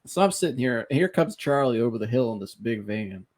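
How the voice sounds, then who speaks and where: A man hosting a podcast, telling a funny story in a casual, animated way, laughing often and mimicking the people he quotes. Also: medium pitch, brisk. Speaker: podcast host.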